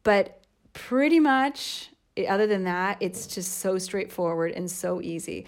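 An American woman in her thirties, a podcast co-host and mother, chatting casually and explaining with lively examples. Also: medium pitch, measured pace. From United States. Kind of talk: casual chat.

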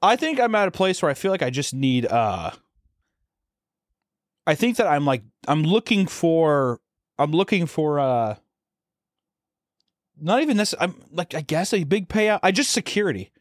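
A man's voice: on the high side, big pitch swings, unhurried, long pauses, no room sound, clean studio sound. A man co-hosting a podcast in casual chat, rambling, swearing freely and restarting his sentences. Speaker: podcast co-host.

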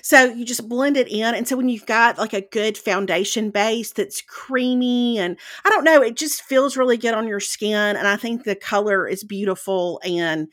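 A woman's voice: a little high, normal speed, few pauses, fairly bright tone, no room sound. Chatty woman podcast co-host, dry sound. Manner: rambling, chatty, self-correcting. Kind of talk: casual chat.

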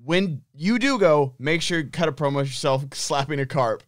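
A man's voice: on the high side, animated, moderate pace, no room sound, studio quality. A man hosting a casual panel chat, joking as he reads out listener messages. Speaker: podcast host reading listener comments.

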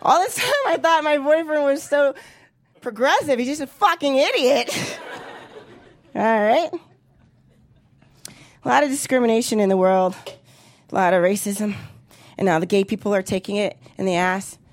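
Woman, 30s, stand-up comic; high voice, brash, profane delivery. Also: moderate pace, pauses often. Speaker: stand-up comedian. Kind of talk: stand-up comedy set.

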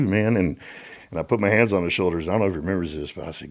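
A middle-aged American man with a very deep, husky voice tells stories in a casual interview. He speaks with energy and often repeats words as he builds to a point. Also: racing. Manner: animated, repeats words when excited. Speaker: guest.

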